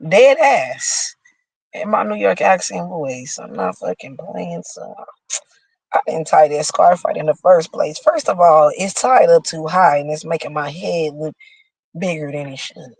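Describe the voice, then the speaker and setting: A woman's voice: sits low, normal speed, vocal fry, darkish tone, slightly rough, no echo, rough recording. A woman hosting a casual horoscope show, reading signs aloud and riffing in a dramatic, profane, chatty way.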